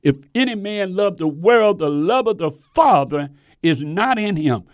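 A man's voice: sits high, lively intonation, unhurried, dry recording, muffled recording. A man preaching a sermon in an emphatic, conversational way, asking his listeners rhetorical questions.

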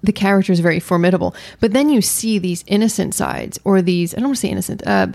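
A woman's voice: on the low side, very animated, fast talker, creaky, darkish tone, no room sound. A woman co-hosting a podcast, chatting casually and playfully about a film she enjoyed. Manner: playful, enthusiastic, jokes around. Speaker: podcast co-host. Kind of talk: casual movie review chat.

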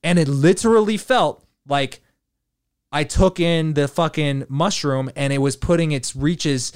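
A man's voice: fairly high pitch, measured pace, clean tone, dry recording, clean studio sound. A man hosting a podcast, telling a rambling casual story full of fillers and swearing. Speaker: podcast host.

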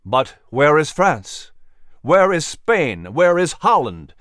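A man's voice: mid-range voice, animated, measured pace, no echo, clean studio sound, natural voice. A man voicing a grave colonial orator. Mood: impassioned. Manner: solemn, then impassioned rhetoric.

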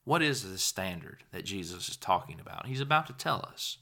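A man's voice: low-pitched, sing-song, brisk, bright, forceful tone. A man preaching a sermon, earnest and emphatic, swelling in volume on key words and dropping into conversational asides. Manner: emphatic, rises and falls in volume for stress.

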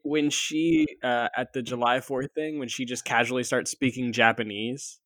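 A man with an average pitch and a dry, close recording, chatting on a movie podcast. He teases his co-hosts and throws in emphatic, incredulous asides. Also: steady tone, normal speed, a bit bright, dry recording. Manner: playful teasing, emphatic asides. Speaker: podcast co-host. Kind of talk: casual chat.

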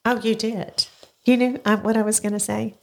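An older woman hosting a casual podcast interview, gently coaxing answers with leading questions from a studio. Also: on the high side, little pitch movement, normal speed, gravelly. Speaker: podcast host. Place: home studio.

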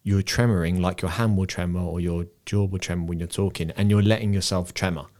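Deep-voiced man hosting a chat. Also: steady tone, brisk, a little mellow. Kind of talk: casual podcast chat.

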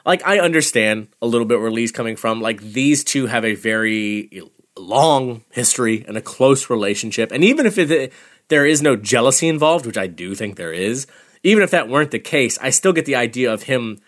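A man co-hosting a podcast in casual chat, animated and profane, laughing often as he talks things over. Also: mid-range voice, moderate pace. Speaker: podcast co-host.

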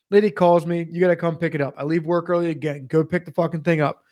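Brief: young male podcast host with a high voice, profane animated ranter. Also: fast talker, hardly any pauses. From Pennsylvania. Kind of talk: casual comedic storytelling.

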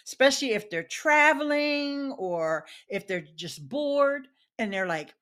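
A woman's voice: high-pitched, expressive, unhurried, fairly bright tone. A woman guest on a live-streamed chat show, friendly and easy to laugh. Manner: friendly, greets viewers by name, laughs easily.

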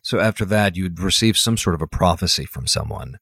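Give me a deep-voiced male podcast host. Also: animated, fairly quick, vocal fry, a bit bright, breathy edge, no room sound, studio quality. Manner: attentive, asks probing follow-up questions. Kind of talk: interview.

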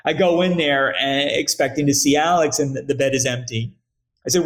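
A middle-aged man recounting a painful personal story as an interview guest, halting and repeating words, his voice rising sharply as he quotes others. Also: a little high, steady tone. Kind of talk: emotional personal account in an interview.

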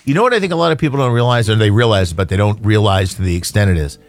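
A man's voice: on the low side, animated, racing, faint music behind. A man co-hosting a morning radio show, teasing and chatty, telling stories into a studio microphone.

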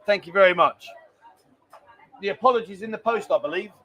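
Middle-aged guy hosting a stream, high voice, rambling banter. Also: brisk, fairly bright tone, low-quality recording. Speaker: livestream host. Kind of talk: casual live-stream chat.

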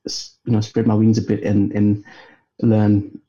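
A man with a Yorkshire accent, a guest in a casual interview, relaxed and filling his speech with "you know". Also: fairly low pitch, measured pace, muffled recording.

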